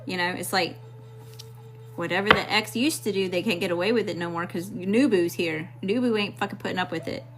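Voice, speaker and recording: A woman with a Mississippi drawl deals out tarot cards and talks straight to her viewers, sassy and blunt, cussing freely and never sugarcoating. Faint music plays softly behind her voice. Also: on the low side, brisk. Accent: Mississippi Southern US. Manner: sassy, blunt, profane, animated. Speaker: tarot reader. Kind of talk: casual tarot reading to viewers.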